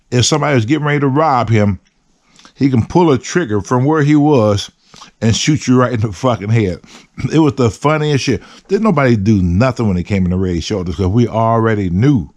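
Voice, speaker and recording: A man's voice: medium pitch, moderate pace, a little mellow, dry recording, studio quality. A man hosts his show, telling a story in a loose, profane, slang-heavy way. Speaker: host. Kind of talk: storytelling monologue.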